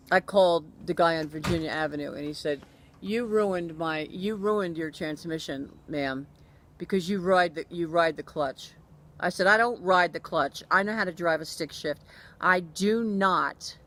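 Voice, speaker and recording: A woman telling a personal story in a casual spoken way, animated and acting out what other people said, often restarting and correcting herself. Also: low-pitched, slight background noise. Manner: animated, acts out other people's quoted lines; frequent restarts and self-corrections.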